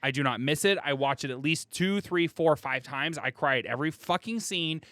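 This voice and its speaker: Bright, clear-voiced young man chatting. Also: on the high side, normal speed, no echo. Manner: laughs a lot, swears freely. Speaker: podcast host. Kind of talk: casual chat.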